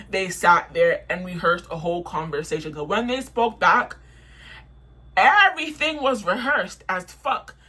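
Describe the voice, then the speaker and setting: A woman's voice: lowish voice, bright, forceful tone. A young woman telling a storytime vlog, heated and profane, repeating herself as she vents. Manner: heated, profane, repetitive venting.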